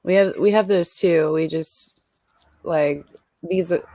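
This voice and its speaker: Female guest, lower voice, dry close sound, blunt and self-mocking. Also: slow, warm tone, no room sound. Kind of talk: casual chat.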